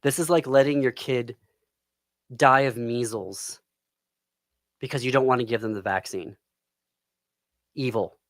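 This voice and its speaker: A man hosting a podcast, ranting with anger about politics, breaking off with sighs and pauses. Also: medium pitch, steady tone, fairly bright tone, dry recording, clean studio sound. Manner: angry, pauses and sighs, near tears. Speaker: podcast host. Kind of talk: impassioned political commentary. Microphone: close studio microphone.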